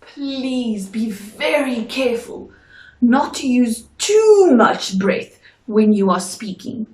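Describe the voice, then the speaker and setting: A woman gives a drama lesson in a slow, deliberate and instructive way. Her voice sits a little high and she speaks unhurriedly. The recording sounds roomy, as if the mic is some distance away. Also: animated. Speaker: drama teacher.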